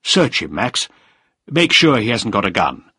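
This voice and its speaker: A man's voice: on the low side, very animated, a little slow, pushed and bright, husky, no echo, studio quality, heavily acted. A man voicing a commanding male lord who gives curt orders in a storybook. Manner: giving orders.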